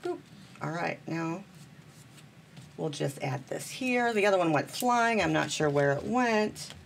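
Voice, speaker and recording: A woman's voice: fairly low pitch, expressive, measured pace, vocal fry, a little hiss or hum. A woman chatting bubbly and self-deprecating while she demonstrates card making at her craft table, talking to viewers as friends.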